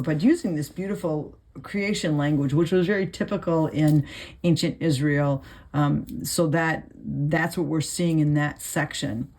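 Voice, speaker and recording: On her Bible study channel, a woman with a low, darkish voice reads verses aloud and then explains them casually. She thinks aloud with many fillers while writing notes.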